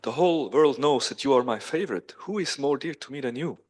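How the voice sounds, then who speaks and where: A man's voice: mid-range voice, lively intonation, fairly quick, voice pushed up, natural voice. A man voicing a puzzled divine lord who questions his queen. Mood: bewildered. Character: Krishna, a bewildered divine lord.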